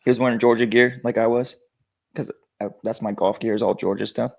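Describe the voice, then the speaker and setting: A man in his thirties co-hosting a casual podcast, laid-back and quick to laugh. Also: mid-range voice, fairly even intonation, creaky, darkish tone. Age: 30s. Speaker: podcast co-host. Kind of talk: casual chat.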